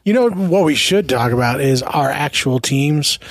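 Teasing higher-voiced male podcast host. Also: lively intonation, moderate pace, dry recording, studio quality. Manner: teasing, playful. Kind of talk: casual banter. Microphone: desk podcast mic.

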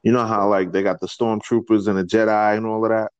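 Deep-voiced animated man. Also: quick pace, smooth, no echo, poor audio. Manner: animated storytelling, rises in pitch when excited. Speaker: podcast co-host. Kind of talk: casual discussion.

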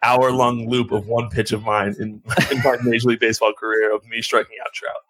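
A man, a former pitcher chatting as a podcast guest in a laid-back, joking way, often restarting his sentences. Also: little pitch movement, brisk, fairly bright tone, rough recording. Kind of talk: casual chat.

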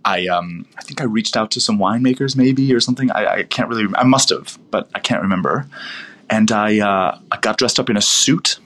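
An American wine professional with a lowish, slightly bright voice speaks briskly in a casual interview. He tells long, rambling stories, interrupting himself with plenty of fillers and restarts.

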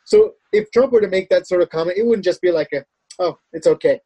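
A man talking politics on a talk show in a measured way, often restarting his sentences. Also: sits high, warm tone, slightly rough, dull audio.

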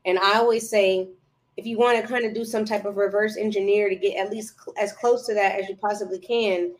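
A woman's voice: mid-range voice, fairly even intonation, fairly quick. A woman entrepreneur talking as a podcast guest, easygoing and thoughtful in casual conversation.

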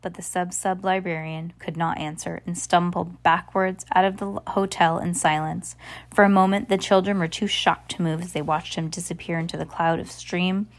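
Brief: woman reading a novel aloud, lowish voice, frequent slips and restarts. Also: fairly even intonation, normal speed. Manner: stumbles and restarts often. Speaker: audiobook reader.

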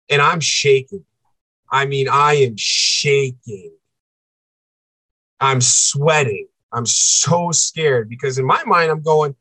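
A man telling a personal story as an interview guest, earnest and halting, often repeating himself for emphasis. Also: on the high side, bright, forceful tone, no room sound, poor audio.

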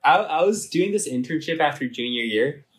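A man's voice: a little high, moderate pace. A young man co-hosting a podcast, telling stories in casual chat with lots of laughter. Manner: laughing, animated storyteller. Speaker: podcast co-host.

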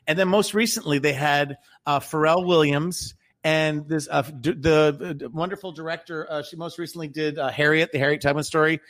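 Man, fairly high voice, casual chat, rambling with fillers. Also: steady tone, moderate pace, few pauses, a bit bright. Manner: rambling, many restarts and fillers.

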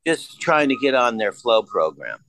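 A man's voice: mid-range voice, sing-song, moderate pace, a bit bright, no room sound, rough recording. A man casually telling rambling, profane stories and acting out the dialogue. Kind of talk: casual conversation.

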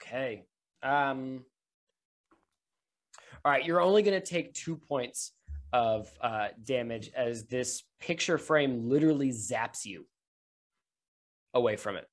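A game master narrating a tabletop game on a podcast, casual and halting with many fillers. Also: mid-range voice, lively intonation. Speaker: dungeon master.

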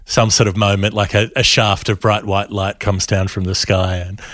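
A man's voice: lowish voice, level tone, moderate pace, fairly bright tone, no echo. A man co-hosting a cricket podcast, talking in a playful, jokey, rambling way. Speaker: podcast co-host. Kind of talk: casual cricket chat.

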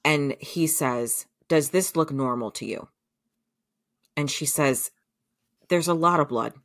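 A woman's voice: deep voice, slow pace. A young adult woman co-hosting a podcast, retelling a show's plot in a chatty way with lots of fillers and laughter. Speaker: podcast co-host. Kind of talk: casual storytelling recap.

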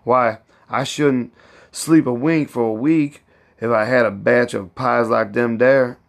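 A man's voice: steady tone, gravelly. A man voicing an elderly woman cook who is proud and bossy, speaking in heavy old Southern dialect and scolding as she talks. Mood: gossiping. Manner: raised pitch, drawn-out words.

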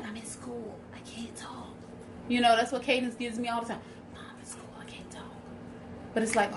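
A woman's voice: on the high side, a bit bright, a little hiss or hum, low-quality recording. A woman in her thirties with a Southern American accent, hosting a casual live stream and chatting directly to her viewers.

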